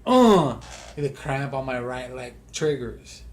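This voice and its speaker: A man's voice: medium pitch, very animated, slow pace, a little hiss or hum. A man co-hosting a podcast, casually telling a story with animation and acting out his own thoughts. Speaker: podcast co-host. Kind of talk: casual chat.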